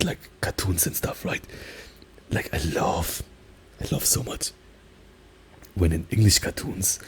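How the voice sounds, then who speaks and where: Soft-whispering German-accented man, gravelly. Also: fairly low pitch, slight background noise, rough recording. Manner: gentle whispering, soft and playful. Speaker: ASMR creator. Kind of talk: soft-spoken ASMR talk. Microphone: binaural microphone.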